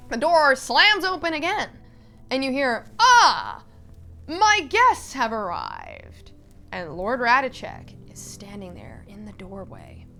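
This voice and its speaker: A woman's voice: on the high side, pushed and bright. A woman vlogger telling an enthusiastic, casual story, full of "like" and fillers. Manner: enthusiastic, filler-heavy with lots of "like".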